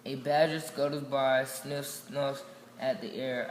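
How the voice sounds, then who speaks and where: Man reading a kids' picture book, slow, level delivery, echoey room with long reverb. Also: mid-range voice, little pitch movement, slight background noise. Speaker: storybook reader. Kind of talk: children's picture book read-aloud.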